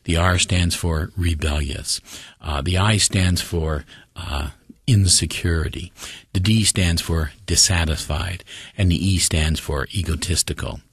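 A man delivers a sermon in a very low, husky voice, leaning on words with slow deliberate pauses before jumping up in pitch for emphasis. The sound is dry and close, with no room around it. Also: a bit bright, no room sound. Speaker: preacher.

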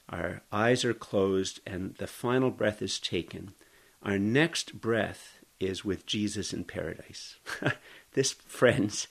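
A middle-aged man preaching a sermon, talking conversationally and explaining scripture as he reads it aloud. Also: fairly low pitch. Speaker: pastor. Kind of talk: expository sermon.

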